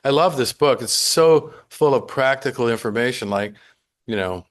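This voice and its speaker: A man's voice: medium pitch, moderate pace. A man hosts a radio interview, listening closely and asking reflective questions. His voice sits in an ordinary middle range. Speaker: radio host.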